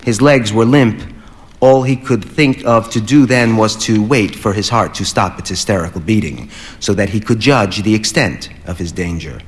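A man narrating a short story as an audiobook, in a measured, even reading. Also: on the low side.

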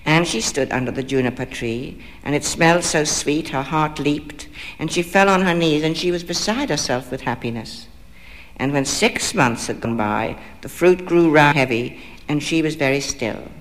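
Man reading a fairy tale, measured and expressive, fairly high voice, long hall reverb. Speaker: storyteller.

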